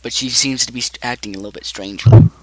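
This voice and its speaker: A man's voice: medium pitch, fairly even intonation, fast talker, very noisy. A man improvising a horror choose-your-path story as game master, with frequent restarts.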